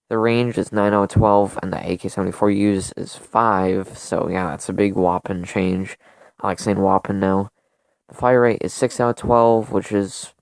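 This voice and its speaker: A young man in a low, gravelly but smooth voice hosts a casual gaming video, rambling through stats with constant fillers and second-guessing. He sounds close and dry, recorded at home on a desktop mic. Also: a little mellow, no echo. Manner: rambling, self-correcting, lots of fillers. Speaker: gaming channel host. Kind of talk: casual gun comparison commentary. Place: home room during a thunderstorm.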